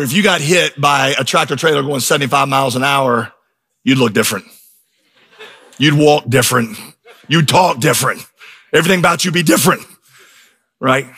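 A man's voice: mid-range voice, sharp tone. A middle-aged man preaching a sermon in a church, emphatic and storytelling, building to intense peaks. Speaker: pastor.

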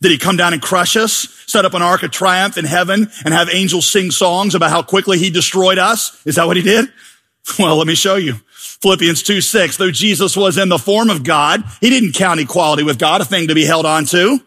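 High, bright-voiced pastor preaching. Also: male voice, brisk. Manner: animated, joking, acts out voices. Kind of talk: sermon.

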